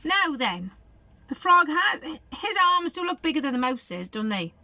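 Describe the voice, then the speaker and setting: A woman's voice: high-pitched, big pitch swings, a little slow, pushed and bright, no room sound. A woman reading a picture book aloud to children, asking them coaxing questions. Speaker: storybook reader for children.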